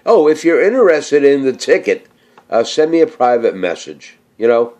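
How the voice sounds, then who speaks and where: A man's voice: medium pitch, big pitch swings, normal speed, darkish tone. A middle-aged man chatting casually on his vlog, rambling with many fillers and slightly slurred speech. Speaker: vlogger. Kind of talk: casual cooking chat and viewer shout-outs.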